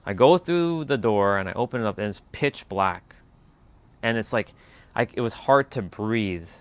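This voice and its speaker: A man hosting a spiritual livestream, telling a personal story in a relaxed, rambling way with lots of "like.". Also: fairly low pitch, normal speed.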